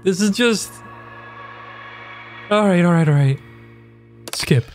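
Slow, casual male gaming commentator. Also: high voice, animated, a little mellow, soft background music. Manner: casual, curious, talks to himself. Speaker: gaming YouTuber. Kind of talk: casual let's-play commentary.

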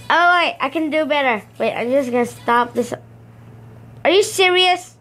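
A woman from the Philippines, giving excitable, playful commentary as she plays a mobile game at home. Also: high voice, normal speed, faint music behind. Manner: excitable and playful, bursts of exclamations and giggles. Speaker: gaming channel host. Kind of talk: casual let's-play commentary.

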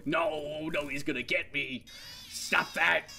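Gaming host, male, higher-pitched, skittish horror commentary with frequent mutters and yelps. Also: fairly even intonation, slow pace, creaky, pushed and bright, slight background noise. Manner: jumpy, shrieking when scared, muttering to himself. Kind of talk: horror game let's play commentary.

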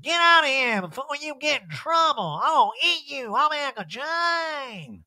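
A man putting on a brash, haughty woman's voice with a slow drawl. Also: very high voice, expressive, sharp tone, no room sound, pitched above the performer's own voice, exaggerated voice. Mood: snapping. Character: brash, tipsy glamorous woman, snappish.

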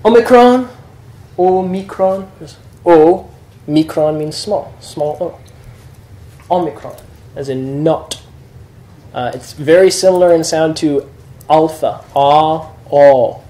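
A young man casually teaching letters to a small group, relaxed and chatty. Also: fairly high pitch, slow pace, pauses often, rough recording. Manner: relaxed, chatty, with fillers and laughs.

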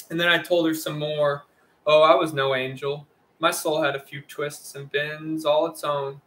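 A man reading a novel aloud in the first person, in an even, measured narration. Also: fairly high pitch. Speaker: audiobook reader.

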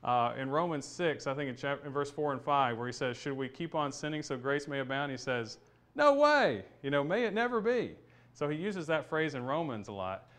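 A man's voice: medium pitch, a little fast, few pauses, fairly bright tone. A man teaching a Bible study lesson, explaining a passage step by step in a conversational way, thinking aloud with restarts and fillers.

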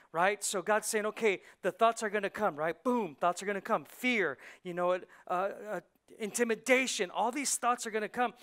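A man preaching a sermon as pastor, animated, asking the congregation questions and acting out the voices in people's heads. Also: high-pitched. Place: church sanctuary.

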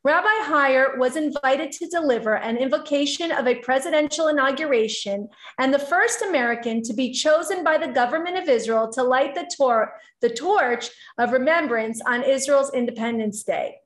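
A woman's voice: high voice, normal speed, few pauses. A woman co-host reading out a guest's introduction, then chatting with admiration. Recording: echoey room.

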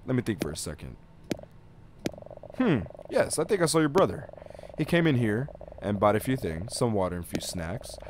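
A man voicing a calm middle-aged male gas station clerk in a horror game, speaking low, soft and measured. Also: noisy background, lightly acted. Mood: cautionary.

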